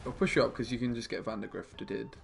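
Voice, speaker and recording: Brief: laid-back young male streamer, slight fry, faint game music under him. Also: mid-range voice, fairly even intonation, fast talker. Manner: chatty, laid-back, mumbles asides to himself. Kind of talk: casual game commentary while chatting with viewers.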